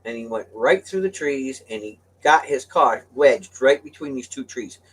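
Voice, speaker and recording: An older man appears as a guest on a talk show, telling a rambling, casual story, laughing often and acting out voices in the quotes. His voice is medium-pitched, animated, a little bright, and husky, at a moderate pace, and he sounds slightly far from the mic.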